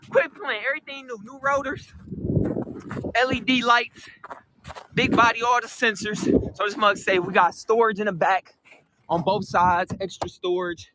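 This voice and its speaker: A young man filming a vlog about buying his new truck, hyped and slangy, shouting with joy, at a dealership and inside the truck on a phone camera. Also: high voice, noisy background. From Michigan. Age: young adult. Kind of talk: excited vlog clip. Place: truck dealership lot, outdoors and in a truck.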